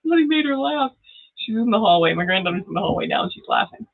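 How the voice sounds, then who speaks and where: A woman's voice: medium pitch, very animated, very fast, gravelly. A middle-aged woman hosting a live tarot reading, chatty and laughing often as she talks straight to viewers. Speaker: tarot reader and channel host. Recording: tinny phone-like audio.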